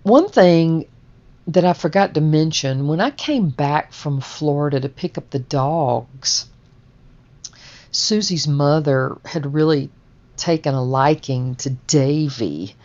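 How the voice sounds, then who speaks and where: A woman's voice: deep voice, animated, takes it slowly, a little mellow, dull audio. A woman telling a personal memoir story in a rambling, conversational way, full of "and so" and "you know".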